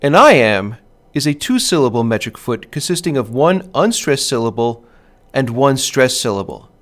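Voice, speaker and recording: A man narrating a scripted literature lesson in a clear, measured way, sounding out stress patterns as he goes. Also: mid-range voice, big pitch swings. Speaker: teacher.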